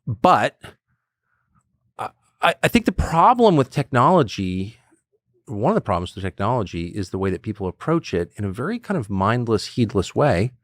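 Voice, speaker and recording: A man's voice: dry recording, clean studio sound. A man as a podcast guest, talking casually and rambling, with frequent restarts and chuckles. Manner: rambling, restarts and chuckles, lively swings in pitch. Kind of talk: casual conversation.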